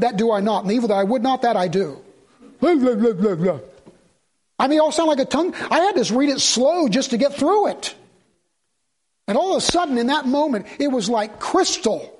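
Man preaching, very high voice, fervent and emphatic, slow deliberate scripture reading. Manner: impassioned, rising and emphatic, reads scripture slowly. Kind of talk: sermon.

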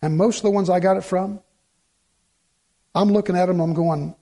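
A middle-aged man, a pastor preaching a sermon, telling stories in an animated, emphatic way and mimicking the people he quotes. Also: high-pitched, normal speed. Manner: emphatic, repeats points for effect.

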